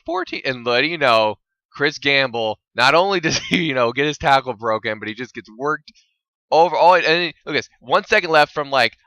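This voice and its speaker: Bright, lively man rambling over gameplay. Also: medium pitch, no room sound, dull audio. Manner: rambling, exasperated and self-mocking. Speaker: gaming channel host.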